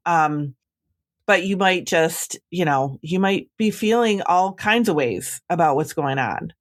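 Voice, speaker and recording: A woman's voice: deep voice, expressive, a little slow. A woman podcast host with a chatty, reassuring way of talking, giving advice in a casual conversation with many "like" fillers.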